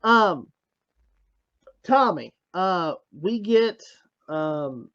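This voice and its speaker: A man's voice: high voice, expressive, very slow, a bit bright, dull audio. A tired man hosting a podcast, rambling in casual chat with lots of fillers and swearing. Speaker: podcast host.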